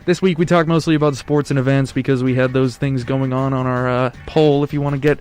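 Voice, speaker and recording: Young man hosting, deadpan jokes. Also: fairly high pitch, fairly quick, few pauses, faint music behind. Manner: jokey, deadpan absurd quips. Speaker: host of a college radio podcast. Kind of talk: casual chat.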